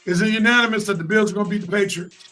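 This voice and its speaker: Man, host, sports talk, brisk, high voice, video call mic. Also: steady tone, sharp tone, faint music behind. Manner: brisk, moves the panel from pick to pick.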